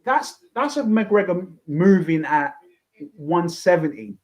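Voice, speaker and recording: A man's voice: high voice, lively intonation, slow pace, low-quality recording. A young man hosting a fight reaction, ranting and swearing as he repeats himself. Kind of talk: excited fight reaction commentary.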